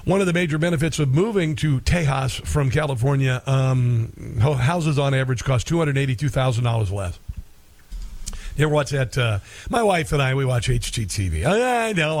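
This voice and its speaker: A man's voice: mid-range voice, dry recording. A middle-aged man hosting a talk radio show in a rambling, sarcastic, folksy monologue.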